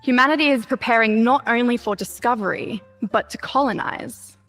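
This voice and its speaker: A woman delivers a prepared public talk in a steady, earnest way. Her voice sits a little high. Faint music plays beneath her. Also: normal speed. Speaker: speaker at a conference talk.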